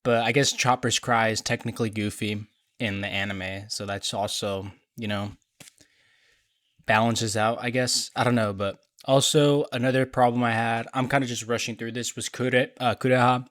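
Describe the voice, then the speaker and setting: A man's voice: medium pitch, fairly even intonation, normal speed, fairly bright tone, no room sound. A young man casually reviewing a show on his channel, rambling with swearing, just woken up. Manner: rambling, loose with fillers and swearing. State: just woke up. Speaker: video reviewer.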